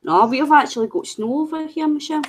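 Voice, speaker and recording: A woman co-hosts a relaxed live chat, her voice a touch high. She strings together friendly questions for the viewers. She sounds a little worn from losing her voice. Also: fast talker, poor audio. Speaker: livestream co-host.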